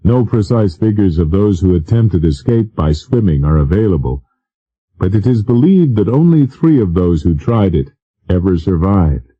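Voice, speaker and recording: A man narrating an audiobook in a measured, formal reading style. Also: low-pitched, dark tone, no echo, dull audio. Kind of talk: scripted narration.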